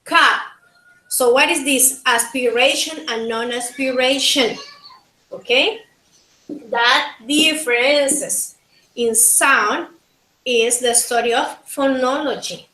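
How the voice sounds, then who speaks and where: Panamanian woman teacher, bright and unhurried, drilling pronunciation in an echoey room. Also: high voice. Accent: Panamanian Spanish. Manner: slow, repeats words to model pronunciation. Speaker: linguistics teacher. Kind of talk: bilingual classroom lecture.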